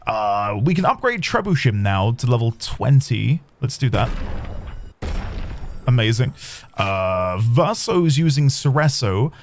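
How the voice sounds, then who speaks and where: A man's voice: mid-range voice, very animated, a little slow, slight background noise. A man streaming a video game, chatting casually and rambling to his viewers. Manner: chatty, rambling, talks to chat.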